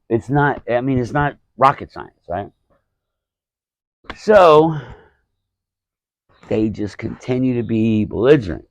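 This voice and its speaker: A stand-up comedian with a lowish, darkish voice hosts his own podcast, heard in a dry recording. He tells a rambling, profane story as a casual monologue, restarting often and acting out quotes.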